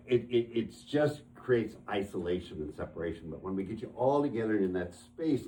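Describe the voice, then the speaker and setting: A man's voice: lowish voice, darkish tone, slight background noise. Earnest man telling therapy stories.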